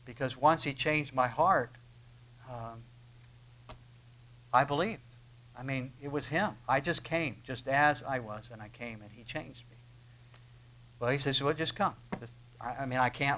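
A man preaching a sermon, telling the story dramatically, swinging from hushed asides to loud proclamations. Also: mid-range voice, a little slow, long pauses, low-quality recording. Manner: dramatic, acts out the story in quoted voices.

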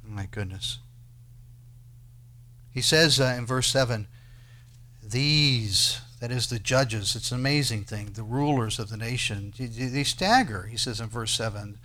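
A man preaching a sermon, who swings between loud declarations and quiet asides and asks his listeners many rhetorical questions. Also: medium pitch, unhurried. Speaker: pastor.

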